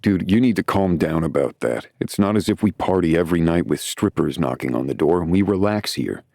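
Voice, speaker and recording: A bitter, grumbling young hockey player complains, read by a man in a deep voice. The voice is low and gravelly. It sounds close and dry. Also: expressive, fairly quick, warm tone, no echo, full character voice. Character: grumpy, resentful young male hockey player.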